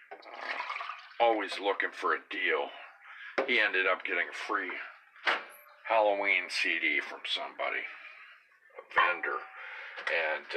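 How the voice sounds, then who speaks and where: A man's voice: sits low, background noise. A middle-aged man chatting casually on a home livestream, reading viewer comments aloud in a rambling way with many fillers and an occasional cough. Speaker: livestream host.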